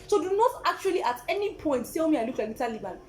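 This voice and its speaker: A woman's voice: high voice, fast talker, reverberant. A young woman with a Nigerian accent, co-hosting a casual chat and telling stories, acting out what people said and laughing often. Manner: animated storyteller, acts out quotes, laughs often. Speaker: podcast co-host.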